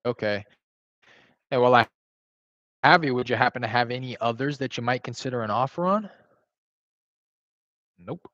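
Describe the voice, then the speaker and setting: A man's voice: mid-range voice, moderate pace, pauses often, fairly bright tone, no room sound. A man making casual real estate cold calls from home while making lunch, talking in a laid-back, conversational way with lots of fillers. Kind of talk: casual livestream chat and phone calls. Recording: slightly dull, dry recording.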